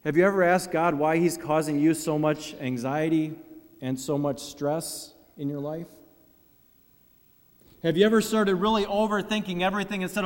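A man's voice: fairly high pitch, normal speed, big-room sound. A man preaching a sermon, asking rhetorical questions and acting out quoted complaints. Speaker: pastor.

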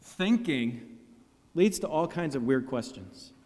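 A man's voice: a little high, expressive, takes it slowly, a little mellow, in a large hall. A man preaching a sermon, asking rhetorical questions and acting out quoted complaints. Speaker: pastor.

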